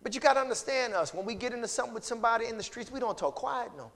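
A male pastor preaches in a church, calling out to his congregation and swinging from loud to hushed. His voice sits high. Long reverb trails every line. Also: expressive, very fast, creaky. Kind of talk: sermon. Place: church sanctuary.

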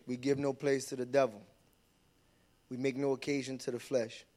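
A pastor preaching a sermon, moving from low conversational talk to loud, high-pitched preaching and dropping in frequent amens. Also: male voice, little pitch movement, moderate pace.

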